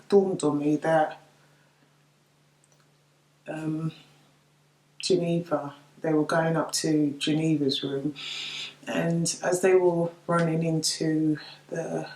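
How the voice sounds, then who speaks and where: A middle-aged woman telling of her daughter's death, halting and tearful, repeating her words. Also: low voice, darkish tone, echoey room, low-quality recording. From United Kingdom. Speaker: bereaved mother sharing her story. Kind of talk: personal testimony to camera.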